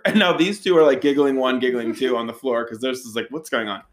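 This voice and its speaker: A man telling a wild story to friends in a casual, profane, animated way, acting out the quoted lines with big jumps in his voice. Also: mid-range voice, quick pace, few pauses.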